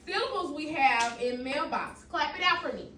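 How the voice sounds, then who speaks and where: A woman's voice: sits high, normal speed. A woman teaching children a phonics lesson in a classroom. She is encouraging, calls on students by name and repeats their answers back to them. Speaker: elementary school teacher. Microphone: far from the mic. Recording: echoey, distant and noisy classroom recording.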